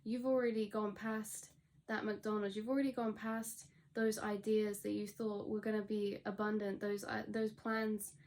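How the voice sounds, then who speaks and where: A woman's voice: medium pitch, flat delivery, moderate pace, a little mellow, slight background noise. Woman giving a rambling tarot reading. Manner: rambling, storytelling with restarts and quoted inner voices. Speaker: tarot reader. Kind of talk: channeled tarot reading monologue.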